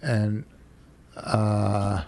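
A man's voice: on the low side, little pitch movement, very slow, creaky, darkish tone. A middle-aged man co-hosting a podcast, needling his co-host in blunt, dry banter. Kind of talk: casual banter.

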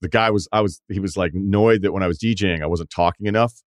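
A man in his forties hosting a podcast, telling rambling stories in casual chat with swearing and animated asides. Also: deep voice, fast, dry recording, studio quality. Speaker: podcast host.

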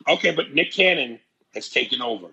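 A man in casual chat, telling stories in an animated, profane way. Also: medium pitch, fast, gravelly, slightly rough, dull audio.

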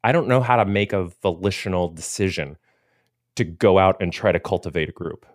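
A man's voice: deep voice, a little fast, no room sound, studio quality. A man in his thirties co-hosting a podcast in casual chat, rambling and self-deprecating. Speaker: podcast co-host.

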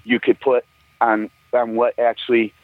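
A man's voice: mid-range voice, monotone, normal speed, dry recording. An older man, a musician guest, telling rambling, profane stories in a casual chat and laughing often. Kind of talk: casual storytelling. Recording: tinny phone line, dry.

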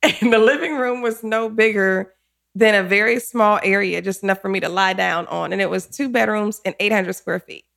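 A woman shares a story from her own life in relaxed conversation. Her voice sits in a middle register with a noticeable gravelly fry. She is animated and laughs often as she tells it. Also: medium pitch, moderate pace. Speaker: guest telling a personal story. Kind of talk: casual storytelling chat.

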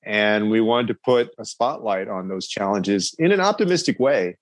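Earnest, measured man in casual chat. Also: fairly low pitch, expressive, no room sound. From Texas. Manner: measured, earnest, laughs easily. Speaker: podcast guest.

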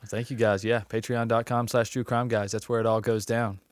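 Easygoing male podcast co-host, mid pitch, dry studio sound. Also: flat delivery, a little fast, no echo. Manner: chatty, easygoing, reads ad copy. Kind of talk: casual podcast chat.

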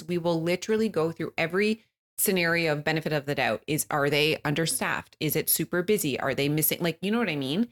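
A woman co-hosting a podcast, chatting casually and laughing often. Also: low-pitched. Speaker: podcast co-host. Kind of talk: casual chat.

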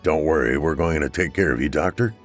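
A man voicing a calm, smiling man in a suit who reassures a wounded doctor in a horror story. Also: low voice, moderate pace, faint music behind.

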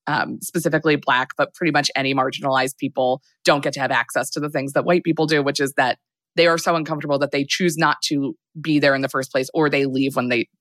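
A woman's voice: extremely low pitch, fairly even intonation, quick pace, a bit bright, no room sound. A young adult woman casually recapping a film as a podcast host, rambling with lots of fillers.

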